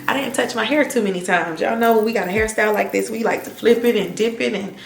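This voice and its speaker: A woman, talking earnestly and with emphatic repetition in a heartfelt storytime vlog, her voice a little hoarse and emotional. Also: medium pitch, quick pace, roomy sound, faint music behind. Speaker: vlogger.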